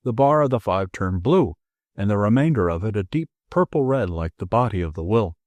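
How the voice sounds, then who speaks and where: A man narrating an audiobook in expressive storytelling style. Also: fairly low pitch, a little fast, dry recording. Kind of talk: scripted narration.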